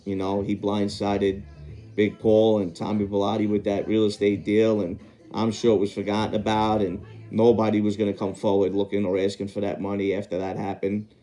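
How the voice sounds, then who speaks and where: A man's voice: on the low side, dark tone. A man hosting a podcast who tells a long story casually, wandering off and correcting himself as he tries to remember details. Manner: rambling, self-correcting, stops to recall details. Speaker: podcast host telling a story.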